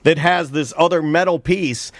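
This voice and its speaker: A man's voice: a little high, moderate pace, no room sound. A man co-hosting a casual podcast, joking and getting worked up. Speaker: podcast co-host. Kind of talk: casual chat.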